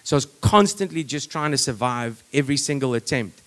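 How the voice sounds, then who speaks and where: A man's voice: medium pitch, expressive, brisk, fairly bright tone. A man giving a personal testimony in a rambling, conversational way, full of fillers and restarts.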